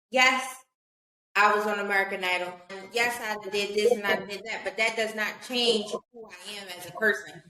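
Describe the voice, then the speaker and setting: A woman from Baltimore hosting a podcast in casual chat, blunt and emphatic, acting out what she would say back to people. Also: fairly high pitch. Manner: blunt and emphatic, acts out quoted retorts. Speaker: podcast host. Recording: echoey room.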